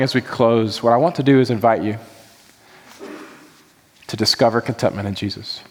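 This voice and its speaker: Earnest pastor preaching in a reverberant hall. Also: male voice, medium pitch. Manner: earnest, pleading prayerful delivery. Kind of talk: sermon. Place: church sanctuary.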